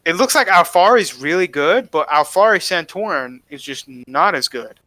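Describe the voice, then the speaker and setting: A man's voice: a little high, animated, normal speed, pushed and bright, dry recording. A man co-hosting a casual esports podcast, breaking down matches in an opinionated, emphatic way and driving his points home by repeating them. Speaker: podcast co-host. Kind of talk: casual esports analysis chat.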